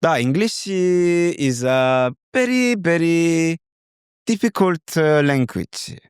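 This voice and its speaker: Guy putting on a hesitant korean man speaking english, korean accent, slow and sing-song, high, long "ah" before he answers. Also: expressive, smooth, no room sound, clean studio sound.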